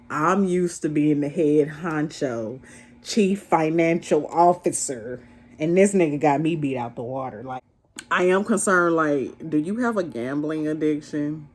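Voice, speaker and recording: A young woman vlogger casually recounting a date in an animated, slangy way, laughing as she tells it. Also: sits low. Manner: animated, slangy, laughs while telling the story. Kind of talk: casual storytime chat.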